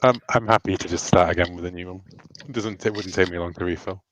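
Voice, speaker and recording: A man's voice: low voice, steady tone, fast talker, fairly bright tone, slight background noise, rough recording. A man playing in a tabletop game, thinking aloud in a playful, casual way. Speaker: player.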